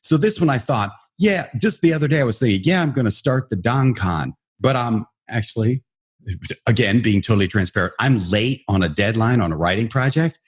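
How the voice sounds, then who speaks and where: A man hosting a podcast in a relaxed, rambling, self-deprecating way. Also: medium pitch, fairly quick, husky. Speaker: podcast host. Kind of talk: casual podcast chat.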